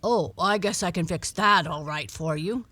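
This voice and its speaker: A woman voicing a male dog who is gruff and cross at first but good-hearted, with a hearty, blustery way of talking. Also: fairly low pitch, moderate pace, sharp tone.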